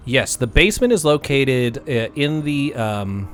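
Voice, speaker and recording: A man's voice: medium pitch, animated, measured pace. Casting note: male game master, playful and teasing, narrating a tabletop game, faint music underneath.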